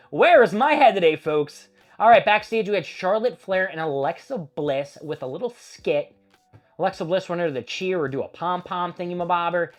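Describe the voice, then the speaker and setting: A man hosting a casual wrestling recap, rambling and opinionated with plenty of swearing. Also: fairly high pitch. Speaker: host.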